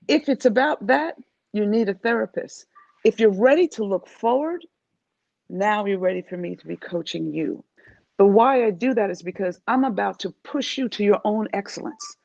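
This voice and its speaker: A woman from New York, a life coach, talking as a guest in an interview in an animated, emphatic way. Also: mid-range voice, no room sound, lo-fi sound. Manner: animated, emphatic, acts out quoted voices. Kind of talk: interview conversation.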